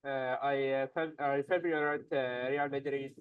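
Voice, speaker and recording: A man learning English, answering in hesitant, halting phrases. He sounds far from the mic on a muffled video call. His voice is smooth and the sound is dry. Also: mid-range voice, steady tone, no room sound.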